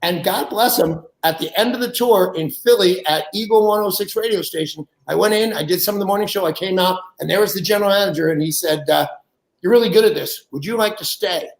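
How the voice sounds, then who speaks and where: A man in his sixties, a guest, telling animated anecdotes and acting out the people he quotes. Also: high voice, quick pace, few pauses, roomy sound, poor audio. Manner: animated storyteller who acts out quoted people, laughs mid-story. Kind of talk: anecdotal storytelling.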